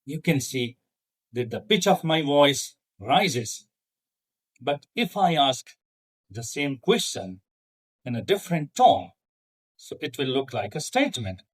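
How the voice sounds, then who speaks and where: Slow, lively teacher. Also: male voice. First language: Urdu. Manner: slow, deliberate teaching delivery with pitch demonstrations. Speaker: English teacher. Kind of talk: online language lesson.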